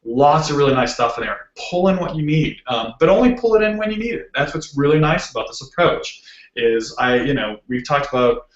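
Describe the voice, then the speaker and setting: A man's voice: fairly high pitch, very animated, brisk. A man with a Boston accent giving a casual, joking technical talk as a guest speaker, full of ums. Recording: roomy muffled video call audio.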